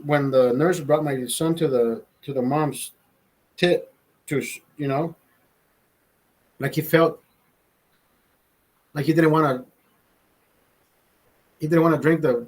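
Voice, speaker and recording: A man's voice: fairly high pitch, husky, poor audio. A young man telling a rambling, profane story in casual chat, with many restarts. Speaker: vlogger host.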